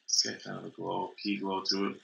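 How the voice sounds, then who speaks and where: A man's voice: deep voice, completely flat delivery, fairly quick, gravelly, bright, forceful tone. A man in his thirties co-hosting a casual beer-tasting chat, joking and self-deprecating. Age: 30s. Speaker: co-host. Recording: echoey, dull lo-fi room sound.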